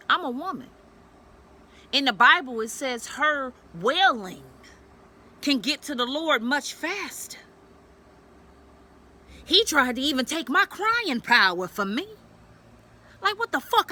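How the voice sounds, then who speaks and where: Very animated, with a high-sitting voice that's bright and forceful, she speaks a little slowly and leaves long pauses. The vlogger shares a personal story on camera in a candid way, swearing freely and speaking directly to other women.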